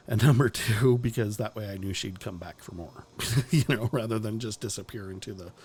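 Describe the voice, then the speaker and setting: A man's voice: fairly low pitch, normal speed, darkish tone, a little hiss or hum. Blunt, profane man talking casually. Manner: blunt and profane, with frequent chuckles. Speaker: podcast host. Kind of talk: casual opinion talk.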